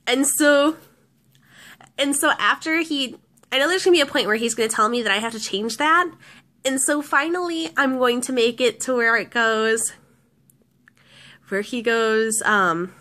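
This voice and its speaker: A woman's voice: on the high side, unhurried, pauses often, bright, forceful tone. Giggly rambling young woman vlogger. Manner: rambling, giggly, lots of likes and restarts. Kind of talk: casual storytelling to camera.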